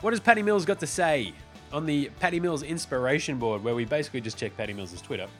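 A man's voice: fairly high pitch, fast talker, fairly bright tone, soft background music. An Australian man hosting a casual sports podcast, talking loosely and swearing freely with a lot of slang. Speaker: podcast host.

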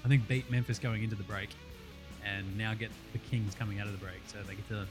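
A man with an Australian accent hosting a casual sports podcast, loud, profane and joking. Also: lowish voice, fairly even intonation, fast talker, over music. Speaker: podcast host.

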